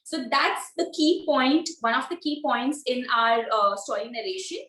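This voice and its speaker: Young woman teaching storytelling over a video call; high voice, echoey room, patient and repetitive. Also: animated, normal speed, bright, forceful tone. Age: young adult. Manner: explanatory, repeats key points. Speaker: storytelling workshop presenter. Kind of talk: teaching a workshop.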